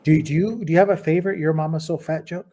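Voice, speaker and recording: A man's voice: on the high side, steady tone, fast talker, warm tone. A man co-hosting a casual podcast chat, a rambling storyteller who stops and restarts often. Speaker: podcast co-host.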